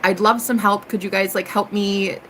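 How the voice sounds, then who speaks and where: American woman, host of her own stream, bright and punchy, cheeky and profane, big swoops up to squeals. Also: normal speed, slight background noise. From United States. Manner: sassy, animated, swooping into high exclamations; cheeky and profane, calls listeners honey and girl. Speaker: tarot reader and live streamer. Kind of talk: casual storytelling monologue.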